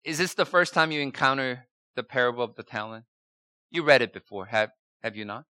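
A male pastor delivers a sermon at an unhurried pace, his voice bright and forward. He keeps posing rhetorical questions and hammers key words again and again. The sound is close and dry. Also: mid-range voice, no echo.

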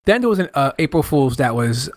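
A man telling a long funny story in casual chat, animated and quick to raise his pitch when he quotes people.

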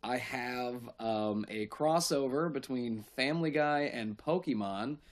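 A man's voice: mid-range voice, unhurried, a little hiss or hum. A young man co-hosting a podcast in casual chat, laid-back with lots of "like" and fillers. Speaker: podcast co-host.

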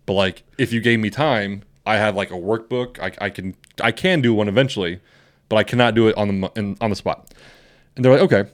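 A man's voice: lowish voice, a little fast. A young man co-hosting a podcast, telling long rambling stories in casual chat and laughing often. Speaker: podcast co-host.

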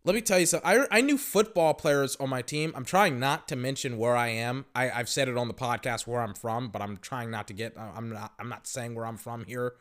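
A man's voice: mid-range voice, a little fast, hardly any pauses, fairly bright tone. A young man hosting a podcast, telling a story in a rambling, profane, casual way with lots of fillers. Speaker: podcast host. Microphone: podcast microphone.

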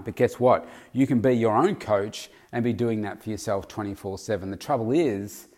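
A man giving a motivational self-help talk, acting out a harsh inner critic. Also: a little mellow. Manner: acts out a harsh inner critic with raised pitch. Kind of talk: motivational monologue.

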